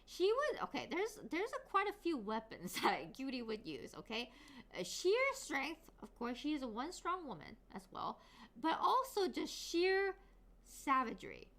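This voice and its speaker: A woman's voice: sits high, wildly swooping pitch, moderate pace, a bit bright. A woman guest talking casually on a stream and building up a friend with dramatic, emphatic hype. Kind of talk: casual chat.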